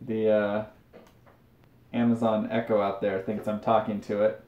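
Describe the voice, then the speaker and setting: A man's voice: fairly low pitch, little pitch movement, measured pace. A young man casually chatting while cooking on a livestream, telling rambling, self-deprecating stories. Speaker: streamer. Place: home kitchen. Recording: roomy, dull lo-fi stream audio.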